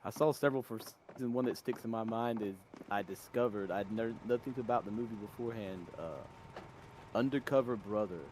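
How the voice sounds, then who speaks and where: A low-pitched man from North Carolina chats on a stream. He drifts from story to story, correcting himself as he goes, with faint clicking behind his voice. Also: fairly quick, a little mellow, slight background noise. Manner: rambling, tangent-prone storytelling. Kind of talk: casual chat.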